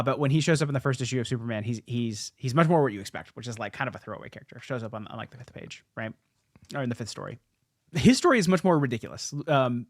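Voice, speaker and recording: A man's voice: mid-range voice, dry recording. A young man in the middle of his range hosts a casual chat about comics, recorded dry and close. He tells the stories with animation, stacking up "like"s and restarting lines as his thoughts race ahead. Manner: animated storyteller, many "like"s and restarts. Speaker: podcast host.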